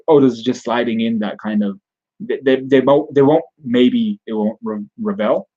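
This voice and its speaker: A man's voice: fairly low pitch, mellow, lo-fi sound. A man giving a casual spoken recap and review of a comic chapter, rambling with frequent restarts and self-corrections.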